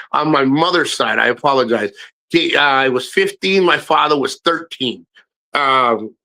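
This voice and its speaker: A middle-aged man with a bright, forward voice that sits slightly high for a man, chatting to his stream viewers. He talks frankly and loosely, often restarting his sentences and swearing as he goes. He speaks straight to his audience. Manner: rambling, frank, swears freely, many restarts; addresses viewers directly. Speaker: live streamer. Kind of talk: casual livestream chat.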